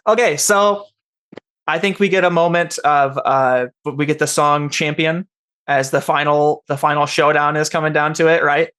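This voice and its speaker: Male tabletop game master with a somewhat high voice who restarts his sentences as he explains rules. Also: fairly even intonation, a bit bright, clear, resonant tone. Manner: halting, restarts sentences often. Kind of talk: running a tabletop role-playing game.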